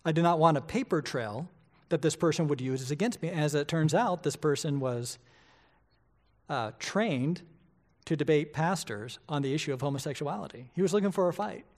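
A middle-aged man, a pastor, preaching a sermon in a lively, conversational way, often asking the congregation rhetorical questions. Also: a little high, normal speed.

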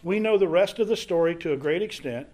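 A man's voice: sits high, animated, brisk, a little mellow. A man leading a casual Bible study, reading scripture aloud and then explaining it in a conversational way.

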